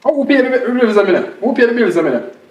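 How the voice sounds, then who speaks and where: A man's voice: very high voice, very animated, racing. A man playing a defensive broke Jamaican father. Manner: defensive, shrugging off blame. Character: broke older father who lost his rent money. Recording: roomy, distant camera mic.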